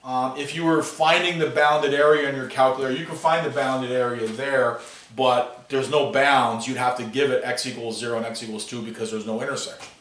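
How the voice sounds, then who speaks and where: A man teaching a classroom math lesson, animated and playful, asking students questions as he works. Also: medium pitch, a little fast. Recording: echoey classroom, voice from far off.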